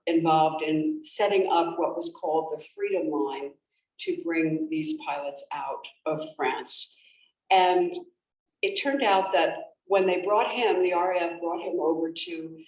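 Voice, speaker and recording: A woman author giving a talk at a library, telling a story conversationally with restarts and fillers. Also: on the low side. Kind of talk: conversational presentation. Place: library event room. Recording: roomy, distant, faint background noise.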